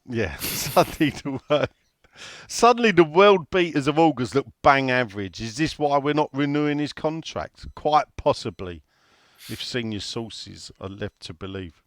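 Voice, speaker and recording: Animated man, blunt and sweary. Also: medium pitch, normal speed, no room sound, studio quality. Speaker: podcast host reading listener questions. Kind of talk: casual football chat.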